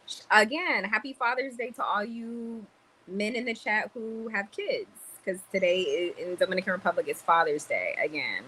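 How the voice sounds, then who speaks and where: With a fairly low voice at an ordinary pace, a livestream host of Cuban heritage chats animatedly from a Dominican Republic store, voicing viewers' comments and dropping Spanish words in as she goes. The recording is rough, with a little noise behind her.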